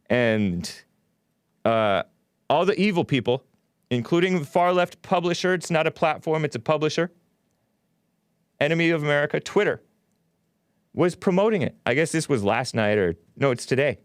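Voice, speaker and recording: A man's voice: on the high side, lively intonation, normal speed, long pauses, clean tone, no room sound, studio quality. A man hosting a talk show, delivering a rambling, opinionated monologue with frequent restarts. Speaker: host.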